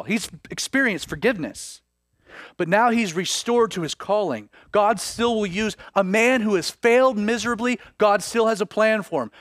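A male pastor preaching a sermon, acting out scripture scenes with swings between loud intensity and hushed moments. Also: high voice, dry recording, studio quality. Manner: dramatic preaching, voices scripture figures with rising intensity.

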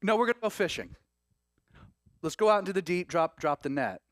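Man as an easygoing teacher, casual and high-pitched. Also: animated, fairly quick, dry recording, clean studio sound. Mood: breezy. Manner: casual, offhand.

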